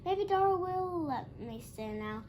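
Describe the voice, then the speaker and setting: A woman's voice: very high-pitched, animated, a little slow, a little mellow, slight background noise, voice pushed up. A woman doing Rupert, an eager little rabbit. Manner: eager and bouncy. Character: eager, cheerful young male rabbit.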